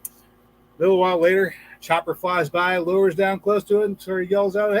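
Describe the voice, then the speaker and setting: In a high, level voice at normal speed, a man hosts a casual livestream for gardeners. He chats, reads comments from viewers aloud, and cracks jokes with a few acted-out voices, though the recording quality is low.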